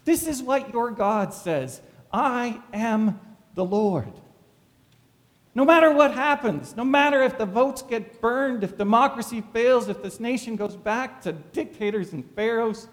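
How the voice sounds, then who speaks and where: A pastor preaching a sermon, full of dramatic rhetorical questions. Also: male voice, extremely high pitch, long reverb tail.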